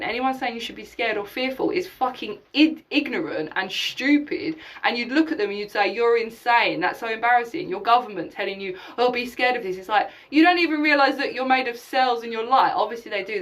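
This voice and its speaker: High-voiced woman preaching from the mic. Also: expressive, brisk, hardly any pauses, distant mic, low-quality recording. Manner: emphatic and preachy, swears casually, acts out imagined dialogues. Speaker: spiritual teacher hosting a live session. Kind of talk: live-streamed spiritual talk.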